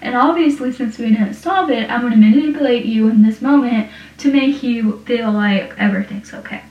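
A woman's voice: fairly high pitch, moderate pace, darkish tone. A young woman chatting casually about a TV show, rambling and saying "like" constantly. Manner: rambling, heavy use of "like". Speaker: TV show reviewer. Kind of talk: casual chat. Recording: distant, roomy, dull-sounding.

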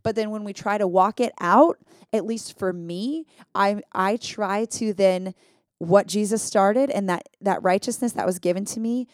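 A woman talking through a Bible passage in a casual, earnest way, leaning hard on the points she cares about. Her voice sits at an ordinary middle pitch. The sound is dry and close. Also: a little slow, no echo. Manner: earnest, emphatic, thinking aloud with fillers. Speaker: podcast co-host. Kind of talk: casual Bible study chat.

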